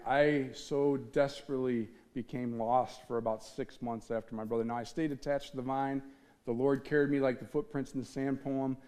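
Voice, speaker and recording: With a mellow, medium-pitched voice, a man from the Midwest stands before an audience giving a sincere testimony. As he relates his story with emotion, he acts out the voices of the people he quotes.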